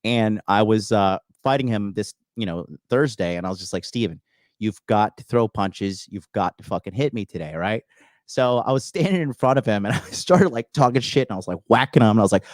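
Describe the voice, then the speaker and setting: A man's voice: fairly low pitch, expressive, brisk, no echo. A man in his thirties hosting a call-in coaching show, talking in a boastful, profane, emphatic way with lots of fillers. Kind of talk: casual livestream monologue.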